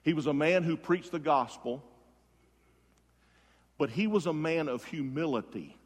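A man preaching a sermon as pastor, swinging between loud emphasis and hushed softness and repeating words for effect. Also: on the high side, unhurried. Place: church sanctuary. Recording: long reverb of a large hall.

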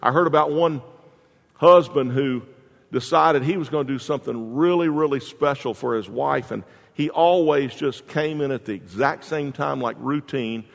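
A man's voice: medium pitch, moderate pace, gravelly, big-room sound. A man preaching a sermon as a pastor, telling stories in a folksy way with frequent restarts. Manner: folksy storytelling with repeated restarts.

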